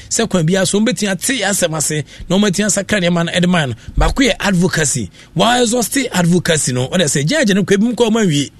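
A Ghanaian man hosting a radio show, giving rambling casual commentary that mixes Akan and English. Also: high voice.

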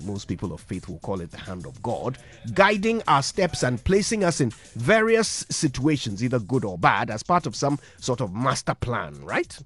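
A man's voice: mid-range voice, no room sound. A man with a Ghanaian accent giving a motivational radio talk as a morning show host, telling a story and asking rhetorical questions.

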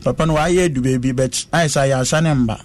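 A man recounting a personal ordeal in conversation, speaking slowly and earnestly. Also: mid-range voice. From West Africa. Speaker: interviewee.

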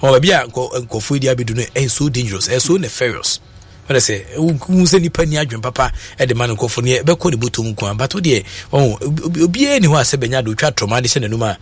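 A Ghanaian man hosting a call-in radio talk show, switching quickly between languages, full of fillers. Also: medium pitch, slightly rough. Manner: animated, rapid code-switching with many fillers.

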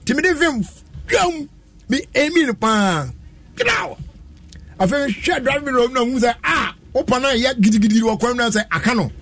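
A man's voice: very high voice, expressive, fairly quick, fairly bright tone. A man, telling a long story in a casual chat and laughing often as he goes.

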